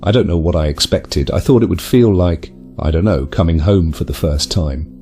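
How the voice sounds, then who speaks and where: A man's voice: deep voice, moderate pace, warm tone, soft background music. A man voicing a lonely outcast trash goblin. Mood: rueful. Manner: confessional, bitter storytelling. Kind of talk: dramatized video narration.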